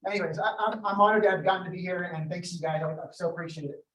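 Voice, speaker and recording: A man's voice: sits high, fairly even intonation, racing, fairly bright tone. A man giving a rambling, grateful farewell talk to his team at a meeting. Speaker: departing team leader. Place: office meeting room. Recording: echoey room, far from mic, faint ambience.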